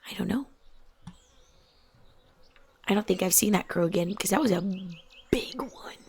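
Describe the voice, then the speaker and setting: A young adult woman chatting softly while she plays a game, often dropping to a near whisper. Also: mid-range voice, moderate pace, slightly rough. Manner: soft-spoken, often drops to a near whisper. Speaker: gaming channel host. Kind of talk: relaxed chat while playing a game.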